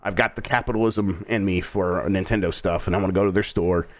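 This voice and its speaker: An easygoing middle-aged American man hosts a game news show. He has a lowish voice and scatters fillers between the headlines. The sound is dry and close to the mic. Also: fairly even intonation, brisk, no echo. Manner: easygoing, many uh fillers, reads headlines then riffs. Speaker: host. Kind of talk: casual news chat.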